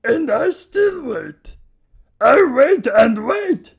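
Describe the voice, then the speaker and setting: A man voicing a hulking, simple-minded male brute who speaks in broken, slow phrases with a Russian-tinged put-on accent. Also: very high-pitched, big pitch swings, voice pushed up, full character voice. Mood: mournful. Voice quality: gravelly, raspy, broken speech. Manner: slow, loud, shouting. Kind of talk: dramatic story reading.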